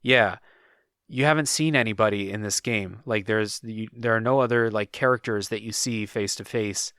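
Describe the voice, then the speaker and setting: Podcast host, man, smooth clear voice, dry close sound, laid-back talker. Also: fairly low pitch, moderate pace, dry recording. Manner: relaxed storytelling, many "like"s. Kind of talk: casual chat.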